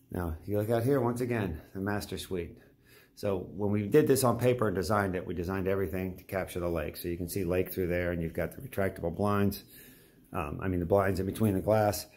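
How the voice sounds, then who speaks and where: Walking through a house, a middle-aged builder casually narrates and points out features with folksy enthusiasm. His voice is low-pitched with a darkish tone.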